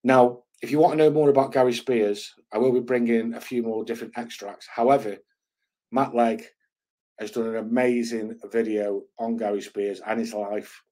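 A man's voice: medium pitch, fairly even intonation, normal speed, dark tone. A man hosting his channel, reading a book extract aloud in a casual storytelling way, with earthy slang and asides. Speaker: channel host.

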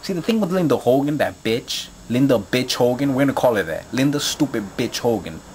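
A man's voice: medium pitch, lively intonation, fairly quick, darkish tone, a little hiss or hum. A man talking straight to his viewers in a heated, profane rant, rambling with lots of fillers and repeats. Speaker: video blogger. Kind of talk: angry profane rant to camera.

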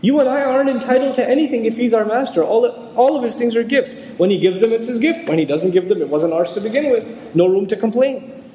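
A man's voice: very high-pitched, fast, warm tone. A man giving a religious lecture on scripture in a conversational way, acting out the voices he quotes. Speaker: Quran lecturer. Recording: echoey hall with long reverb.

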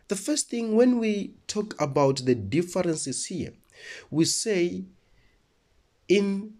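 A man's voice: on the high side, a little mellow, breathy edge. A man teaching a lesson who asks questions and answers them himself, often repeating words while he thinks. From South Africa. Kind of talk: classroom lesson.

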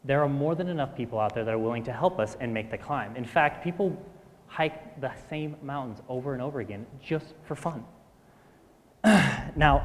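Guy in his 30s giving a fast pep talk on stage, clears his throat a lot, medium pitch, big hall echo. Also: a little hiss or hum. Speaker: speaker at a live talk event. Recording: reverberant hall.

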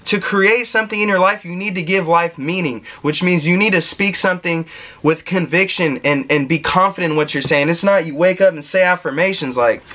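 Young guy ranting casual motivational stuff, bit high voice, slangy, swears, talks right at you. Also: fairly quick, pushed and bright. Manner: slangy and emphatic, swears, addresses viewers directly. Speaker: self-help video host.

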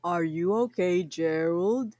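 Lady doing a chill cat doctor, reassuring, slow, dry sound. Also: on the low side, dark tone, no echo, muffled recording. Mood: calm.

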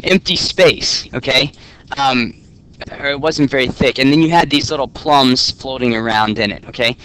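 A man teaching a class in a relaxed, joking way, often checking in with "okay?". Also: medium pitch. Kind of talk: classroom lecture. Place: classroom with students.

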